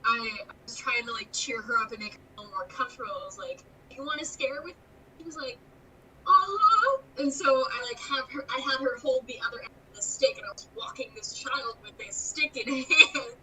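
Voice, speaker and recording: Brief: young woman guest, animated storyteller, higher pitch, mic a bit far. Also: brisk, few pauses, a little hiss or hum. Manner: animated storyteller, acts out quotes, frequent laughs. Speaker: guest, haunted attraction scare actor. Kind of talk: casual interview chat.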